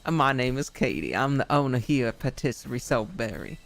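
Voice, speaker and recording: A man reading the lines of a polite, gentle female pastry-chef gym leader from a video game in a mild, soft tone, with a slightly gravelly voice. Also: mid-range voice, sing-song, fairly quick, faint music behind. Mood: gracious.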